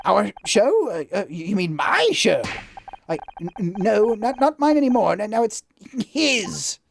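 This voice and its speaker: A man's voice: high-pitched, very animated, a little slow, vocal fry, a little hiss or hum, heavily acted. A man voicing a drunk, flustered middle-aged male TV host who stammers and rambles. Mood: bitter. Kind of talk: voicing a game character.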